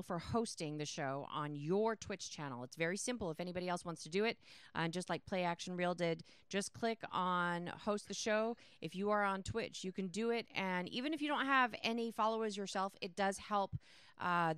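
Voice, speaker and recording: A woman's voice: on the low side, clear, resonant tone, no echo. A woman co-hosting a sports talk show who reads out listener comments and teases the host. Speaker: radio co-host.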